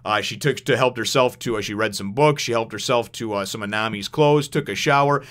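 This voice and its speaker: A man talking through a review in a loose, casual way, full of fillers, restarts and half-finished thoughts. His voice sits at an ordinary middle pitch. He chuckles now and then as he retells scenes. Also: a little fast, fairly bright tone. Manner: rambling, many fillers and restarts; laughs while retelling funny scenes. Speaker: manga chapter reviewer.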